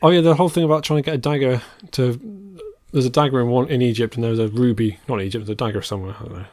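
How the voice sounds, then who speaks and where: A man's voice: mid-range voice, rapid-fire, a little mellow, no room sound. A man co-hosting a podcast about films, in a rambling, casual chat that often trails off into a laugh. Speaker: podcast co-host.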